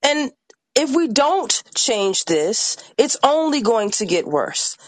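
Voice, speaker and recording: Impassioned podcast guest, artist-activist, furious and blunt, dry close mic, mid pitch. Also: sing-song, slow, no echo. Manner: angry, emphatic, swears often.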